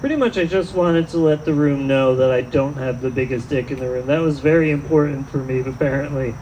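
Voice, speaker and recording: A man's voice: medium pitch, brisk, darkish tone, slight background noise, poor audio. A man doing a rambling, self-deprecating stand-up set in an outdoor tent, often trailing off mid-thought. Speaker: stand-up comedian.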